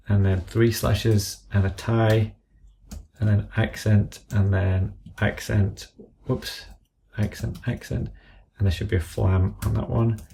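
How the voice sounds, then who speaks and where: A man's voice: lowish voice, gravelly, darkish tone, a little hiss or hum. A man walking through entering drum notation in a music app, methodically calling out notes and stickings and correcting himself as he goes. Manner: slow, methodical, muttering self-corrections while entering notes. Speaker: app tutorial presenter. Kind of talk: screen-recorded software walkthrough. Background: computer keyboard and mouse clicks.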